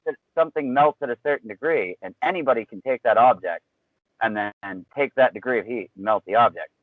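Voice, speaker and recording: A man talking as a podcast guest, explaining his points in a measured way with some dry wit. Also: medium pitch, no echo, low-quality recording. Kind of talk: casual podcast chat.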